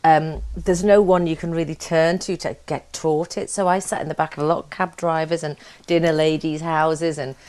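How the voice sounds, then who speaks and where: Low-voiced woman in candid talk. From Liverpool, England. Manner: lively, candid, quick restarts. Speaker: actress, guest. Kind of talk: casual interview chat.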